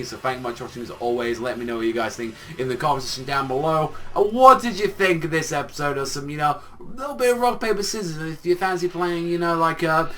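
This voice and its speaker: A man's voice: medium pitch, a bit bright. A young man giving a casual spoken review, rambling and swearing while he mocks the voices of the characters. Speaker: anime reviewer.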